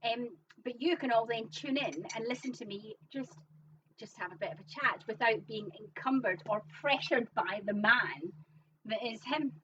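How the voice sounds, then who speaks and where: A woman co-hosts a live show in a loose, rambling chat full of fillers. Her voice sits on the high side. She sounds set back from a dull-sounding mic, with a faint hiss behind her. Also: normal speed, bright, forceful tone. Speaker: co-host of a live online show. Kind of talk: casual chat. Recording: distant, dull, faintly noisy.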